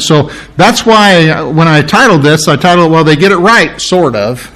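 A man's voice: a little high, fairly bright tone. A man, preaching a conversational sermon, often restarting and correcting himself. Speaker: pastor.

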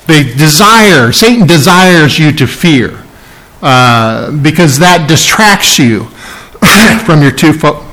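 A man delivers a sermon from the pulpit in a somewhat high-pitched voice. He is emphatic and repeats phrases for weight. At tender moments he drops to a soft hush. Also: poor audio. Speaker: pastor.

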